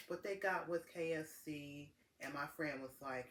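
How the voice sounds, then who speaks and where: A man's voice: medium pitch, measured pace, noisy background. Exasperated young man ranting in an echoey room. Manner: exasperated, repetitive, emphatic. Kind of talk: casual storytime rant.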